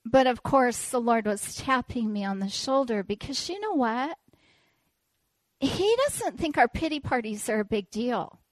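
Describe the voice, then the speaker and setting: A woman preacher telling a personal story in a sermon, animated and self-deprecating. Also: a little high, unhurried, no room sound.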